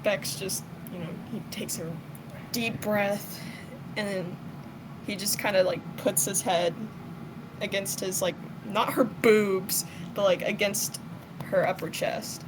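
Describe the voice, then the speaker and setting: A woman player describes her character's actions slowly and hesitantly, with lots of casual fillers. A clear air conditioning hum runs underneath her voice. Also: mid-range voice, steady tone.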